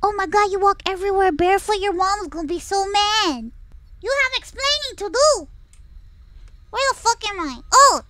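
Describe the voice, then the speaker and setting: A young adult woman streamer giving excitable, jokey let's-play commentary, easily scared and slipping into Spanish phrases. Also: extremely high pitch, moderate pace, a little hiss or hum.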